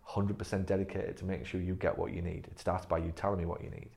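A man's voice: low-pitched, flat delivery, quick pace, vocal fry, a little mellow. A man leading a staff training session, blunt and emphatic, swearing freely. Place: physio clinic room.

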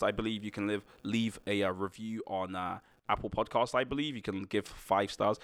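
A man's voice: fairly low pitch, steady tone, normal speed, few pauses, fairly bright tone. A man hosting a faith podcast, talking earnestly and rambling a little with restarts and small jokes. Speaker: podcast host. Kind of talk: casual faith podcast chat.

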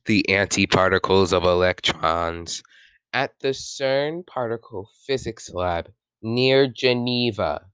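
A man's voice: fairly low pitch, lively intonation, unhurried, a bit bright, smooth, no echo. A man casually reading a science article aloud with his own commentary, often stumbling, rereading and correcting himself.

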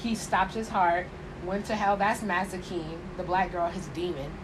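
A woman's voice: on the low side, steady tone, normal speed. A young woman in casual chat, bluntly explaining a show and swearing a lot. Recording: noisy background.

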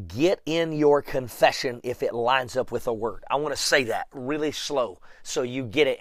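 A man's voice: a little high, dry recording. Emphatic preacher man, dry close sound. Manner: repetitive, emphatic, building up. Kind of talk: sermon.

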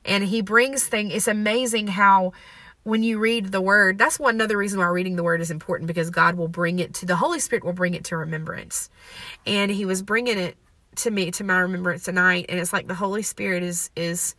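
Young woman on her faith podcast, gravelly bright voice, dry close sound, earnest and kinda emotional. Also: mid-range voice, fairly even intonation, a little fast, no room sound. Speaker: podcast host. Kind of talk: personal faith podcast talk.

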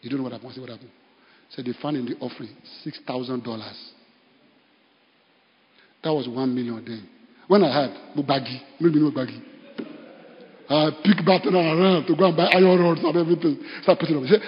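Nigerian male pastor, sermon, lively storyteller, slightly raised pitch, long hall reverb. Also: fast. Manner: storytelling, animated, bursts of laughter. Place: church. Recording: dull sound in a reverberant hall.

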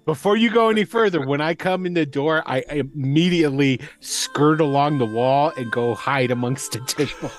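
Higher-pitched guy player cracking jokes, music playing behind. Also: normal speed, few pauses. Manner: joking, laughing. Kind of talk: casual tabletop play.

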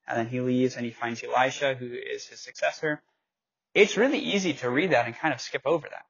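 A man's voice: medium pitch, fairly quick, vocal fry, a bit bright, husky. Young guy teaching bible class, chatty, fixes his own slips, kinda muffled recording. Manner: loose and conversational, reads scripture aloud with slips and self-corrections. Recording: dull lo-fi recording.

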